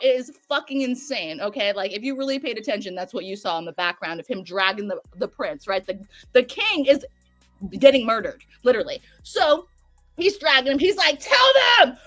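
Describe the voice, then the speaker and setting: High-voiced woman recapping with swearing. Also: normal speed, no room sound, soft background music. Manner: profane, animated storytelling. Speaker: show recap host. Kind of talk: casual chat.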